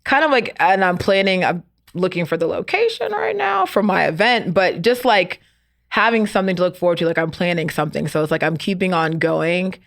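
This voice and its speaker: A woman's voice: lowish voice, big pitch swings, fairly quick, creaky. A woman podcast guest talking casually, with lots of fillers like "like" and "you know". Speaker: podcast guest, networking group founder. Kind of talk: casual conversation.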